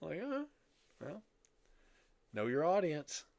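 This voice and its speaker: A man's voice: fairly high pitch, big pitch swings, takes it slowly, gravelly, darkish tone, dry recording. Older man with a dry, close sound. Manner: rambling storyteller, wry, laughs often. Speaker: podcast co-host. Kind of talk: casual chat.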